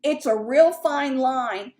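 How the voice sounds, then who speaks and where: A woman's voice: high voice, slow pace, darkish tone. A woman sales coach teaching in a chatty, candid way, with fillers and asides. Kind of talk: casual teaching talk.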